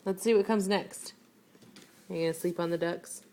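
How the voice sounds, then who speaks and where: A woman at home reading a picture book to a small child, asking gentle questions and making playful animal sounds. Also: fairly low pitch, steady tone, moderate pace.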